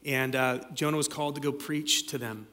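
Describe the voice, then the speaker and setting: A male pastor preaching to his congregation in a loose, chatty storytelling manner, full of little fillers and restarts. His mid-pitched voice rings out with a long reverb tail from the church sanctuary. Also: fairly even intonation, moderate pace, pushed and bright. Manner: conversational storytelling with many fillers. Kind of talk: sermon.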